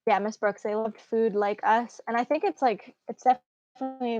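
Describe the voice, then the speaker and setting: A woman's voice: a little high, steady tone, moderate pace, darkish tone, lo-fi sound. A woman teaching a live online literature class in a casual, encouraging way, with frequent fillers. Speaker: English teacher.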